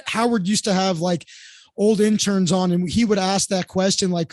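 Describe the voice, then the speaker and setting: A man's voice: sits high, steady tone, moderate pace, no room sound. A man from Florida, a comedian guest, telling a story in a loose, casual way, full of fillers and restarts.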